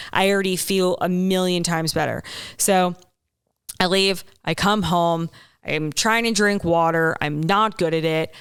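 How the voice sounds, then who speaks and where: A young woman hosts a podcast and tells a personal story at an unhurried pace, candid and rambling, with plenty of swearing. Her voice comes through very clear and smooth, and the recording is dry and close with no room sound. Her pitch sits a little low for a woman. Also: fairly bright tone, dry recording. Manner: candid, rambling, swears freely, acts out her own thoughts. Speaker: podcast host.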